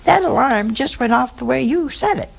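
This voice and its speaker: A woman's voice: high-pitched, lively intonation, normal speed, creaky, husky. A woman giving a humorous sermon in a folksy, teasing way, acting out everyday anecdotes for her listeners. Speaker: preacher.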